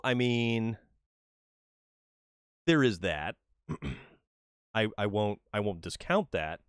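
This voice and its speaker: This man, a New England livestream gamer, offers casual and joking commentary as he plays, frequently repeating words at the start of sentences. He has a mid-range voice with a clean tone, and the audio is studio quality with no echo.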